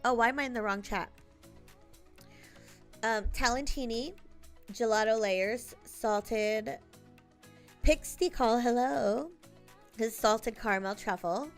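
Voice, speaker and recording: A woman's voice: a little high, takes it slowly, long pauses, faint music behind. A woman streamer chatting casually with her live chat, laughing often and thanking viewers by name.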